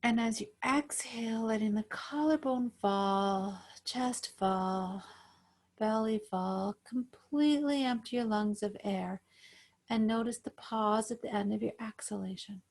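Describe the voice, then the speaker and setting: Lady yoga teacher on a video call, slow calm breathing cues, kinda high voice. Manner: slow, gentle, soothing guidance. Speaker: yoga instructor. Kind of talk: guided breathing instruction over video call.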